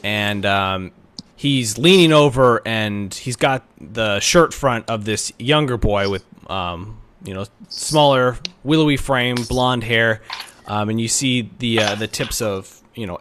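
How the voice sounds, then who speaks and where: A man's voice: on the low side, slow pace, few pauses, fairly bright tone, a little hiss or hum. A man narrating a tabletop game as game master, rambling with many fillers.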